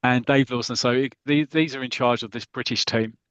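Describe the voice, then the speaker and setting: A man hosting a podcast talks through an old comic story with real enthusiasm. He acts out the quotes as he goes and fills the gaps with ums. His voice is mid-pitched and sits in a dry, close sound. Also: steady tone, brisk, fairly bright tone, clean tone, no echo, lo-fi sound. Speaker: podcast host. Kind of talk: casual retelling of a comic story.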